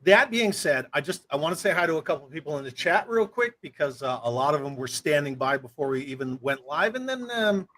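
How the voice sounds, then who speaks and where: A man hosting a casual livestream chat with an upbeat, joking manner. His voice sits a little high and bright. His pitch swings widely as he talks. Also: animated, fairly quick, hardly any pauses. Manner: upbeat, playful banter. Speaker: podcast host.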